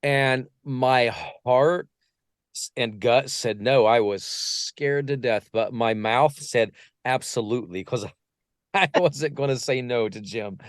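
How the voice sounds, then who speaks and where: A vocal coach from Portsmouth, appearing as a guest on a podcast, shares lively anecdotes in a casual storytelling interview and acts out the voices of the people he quotes. His voice is medium-pitched, slow, clear and resonant. The recording is dry and studio quality.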